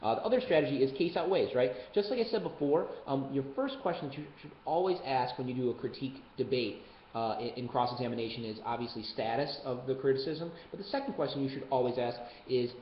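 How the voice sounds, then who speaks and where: A young man teaching debate strategy on a webcam, casual and joking, with quick asides. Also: medium pitch, animated. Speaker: debate coach. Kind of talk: webcam lesson. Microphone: webcam mic. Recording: roomy, dull webcam audio, faint hiss.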